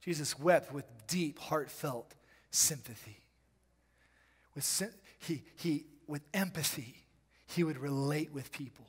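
A man preaching a charismatic sermon in a church, breaking into loud bursts and dropping into quiet, slangy asides. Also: a little high, slightly rough. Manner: preaching with sudden loud bursts and dramatic pauses. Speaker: pastor. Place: church sanctuary. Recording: reverberant church hall.

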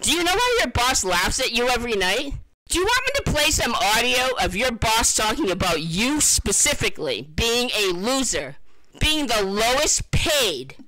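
Scornful woman berating someone, lively voice. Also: on the high side, moderate pace, low-quality recording. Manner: insulting, taunting, scornful. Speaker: scambaiter confronting a scammer. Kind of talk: heated phone confrontation.

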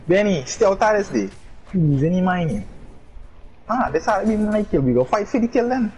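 A man trash-talks his way through a fighting game, taunting and teasing with bursts of laughter. His voice sits on the high side and swings widely in pitch. A faint hiss runs underneath. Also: expressive, brisk, a little mellow, rough recording. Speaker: streamer. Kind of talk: gaming trash talk.

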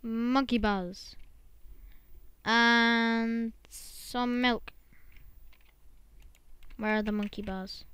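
A woman gives relaxed commentary on her game and talks straight to the monkey she is raising. Her voice is smooth and clean, and she takes her time. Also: fairly high pitch, very slow, long pauses. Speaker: gamer.

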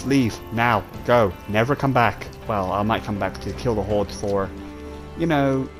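A man's voice: fairly low pitch, a little slow, over music. A man giving jittery let's play commentary, swearing and talking straight to his viewers. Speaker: gamer.

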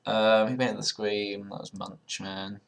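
With a fairly low pitch that barely moves, a measured pace and vocal fry, a young man comments casually on an online quiz he's taking. The video creator mutters guesses aloud, swears often in a sarcastic way, and occasionally bursts out loudly.

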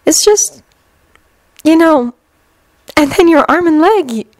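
A woman's voice: sits high, expressive, slow, no echo, pitched above the performer's own voice. A woman reading a fanfiction aloud, voicing a blunt, fiery young mechanic woman who talks brusquely. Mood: insistent. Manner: brusque and sharp.

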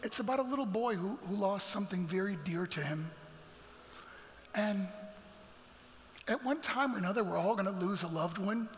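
Guy speaking in a church, high bright voice, big echoey hall, bit of music behind. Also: moderate pace, pauses often, a little hiss or hum. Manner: earnest, emotional storytelling. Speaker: guest speaker. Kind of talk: heartfelt motivational talk. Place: church sanctuary. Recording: long hall reverb with faint music.

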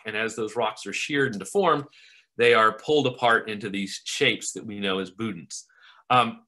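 Man, middle-aged, geology professor, bright voice, enthusiastic, conversational lecture, video call. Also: mid-range voice. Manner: enthusiastic, conversational, asks rhetorical questions. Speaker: geology professor, webinar presenter.

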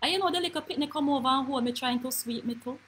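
A woman with a Jamaican accent playing a brash, gossipy auntie, telling stories in a lively comic monologue with quick asides. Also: sits high, slightly rough, rough recording. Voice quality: animated patois storytelling, quick asides. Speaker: comedy character host. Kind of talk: live comedic monologue.

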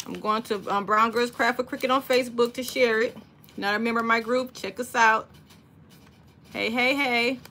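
A woman's voice: sits high, pushed and bright. A woman hosting a casual craft livestream from home, chatty and greeting viewers one by one by name. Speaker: livestream host.

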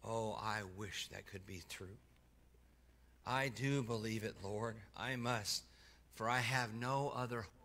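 A man reading a first-person story aloud at a church service, expressively, slowing and softening for grave moments, with occasional stumbles and self-corrections. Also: on the low side. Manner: expressive, slows down and drops soft for grave moments.

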